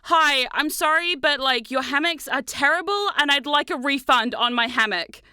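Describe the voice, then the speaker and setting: Woman as a spoiled young bard, high and haughty, big demands. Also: normal speed, bright, forceful tone, no echo. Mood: indignant. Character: spoiled young female bard, entitled and loud. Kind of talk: tabletop role-play voicing.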